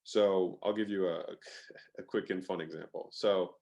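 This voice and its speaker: A man's voice: sits low, steady tone, normal speed, vocal fry, dark tone. A man speaking as an interview guest in a casual, emphatic way, swearing now and then and using lots of "like" fillers. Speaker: guest, sales expert.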